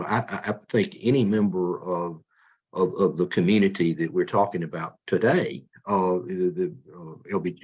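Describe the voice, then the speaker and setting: A man, a judicial candidate, answering interview questions in a measured way, often stumbling and repeating words. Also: low voice, breathy edge.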